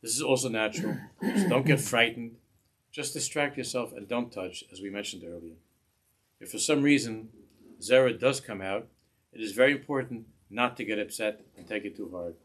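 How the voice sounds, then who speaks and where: A man giving a religious lesson in a measured way, often repeating phrases as he searches for words. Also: mid-range voice, a bit bright. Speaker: religious teacher. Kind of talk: instructional talk to parents.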